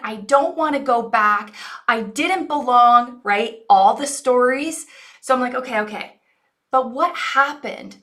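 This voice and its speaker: A woman's voice: on the high side, pushed and bright. A woman in her forties, an online business coach, earnestly telling a personal story to her audience in a reflective, coaching way.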